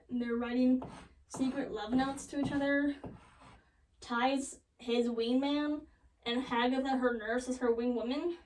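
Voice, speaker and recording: Young woman, high voice, sarcastic, valley-girl casual, slightly distant mic. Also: a little mellow, slight background noise. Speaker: comedic storyteller. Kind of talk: joking retelling of a classic play.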